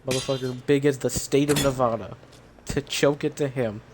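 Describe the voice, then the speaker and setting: A man's voice: mid-range voice, steady tone, moderate pace, noisy background. A man streaming a video game, commenting live, swearing often and talking to himself as he plays. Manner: frustrated, swears a lot, talks to himself. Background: game music.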